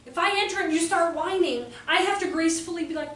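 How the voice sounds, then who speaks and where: A woman teaching a workshop for early childhood teachers to a live audience, animated and often acting out voices and exclamations. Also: very high-pitched, fast talker. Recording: roomy echo, voice from a distance, faint background noise.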